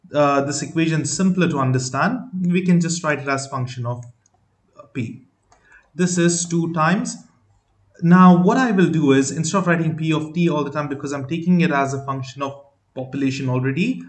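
A man's voice: fairly high pitch, reverberant. A man teaching a math lesson step by step, patient, asking rhetorical questions and using many fillers. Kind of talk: explaining step by step.

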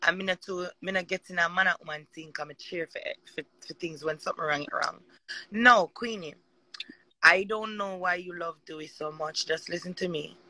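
A woman's voice: fairly low pitch, fairly even intonation, normal speed, sharp tone. A Jamaican woman talking casually on a live chat, emphatic and rambling.

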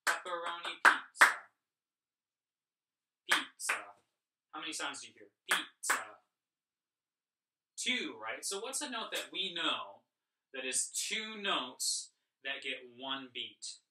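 A man's voice: medium pitch, very animated, a little slow, very noisy. A young man teaching an online music lesson to children, upbeat and chanting rhythm syllables as he counts out notes. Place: home room. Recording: echoey room, voice a bit far from mic.

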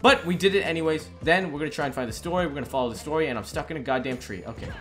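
A young man giving casual let's-play commentary on a video game, excitable and joking, often exclaiming as he plays. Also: on the high side, very fast, soft background music. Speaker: gaming YouTuber.

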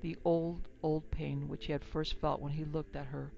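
A woman narrating a classic western story in a measured, even reading. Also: sits low, creaky, highs cut off. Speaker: narrator and producer.

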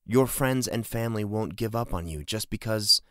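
A man voicing a concerned middle-aged farmer speaking calmly to his daughter. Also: on the low side, moderate pace, dry recording. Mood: gentle. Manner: calm, fatherly.

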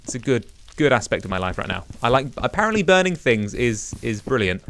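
A young man talks through his game session in a loose, rambling way, his pitch swinging widely up and down. He breaks into sudden excited outbursts, and a faint hiss sits under his voice. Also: a little fast. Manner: chatty, rambling self-talk with sudden excited exclamations. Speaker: let's play gamer. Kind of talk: casual gameplay commentary.

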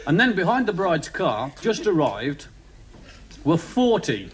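A man tells a comic story on a theatre stage, his voice sitting high. He is lively and excitable and keeps slipping into squeaky put-on voices. Loud crowd laughter and noise roll underneath him. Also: unhurried. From England. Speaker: stand-up comedian. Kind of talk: stand-up storytelling. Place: theatre stage before a live audience. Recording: live TV stand-up, heavy audience laughter. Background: loud audience laughter.

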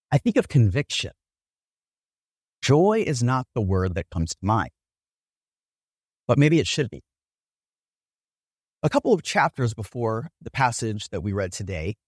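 Male preacher, mid-pitched, conversational sermon delivery, very expressive intonation, dry close mic. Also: slightly rough, dry recording. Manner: conversational, animated storytelling with vivid examples. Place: church.

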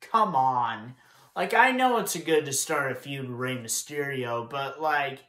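A man's voice: on the high side, expressive, unhurried, bright, forceful tone. A young man giving a casual, profane, frustrated rant while recapping wrestling news. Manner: frustrated, profane, repetitive ranting. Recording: echoey room.

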